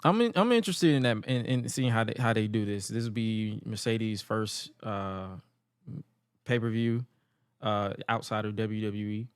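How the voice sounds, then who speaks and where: A man's voice: on the low side, normal speed, smooth, no room sound, clean studio sound. A man co-hosting a podcast, chatting casually about wrestling, loose and rambling, tripping over names. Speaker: podcast co-host.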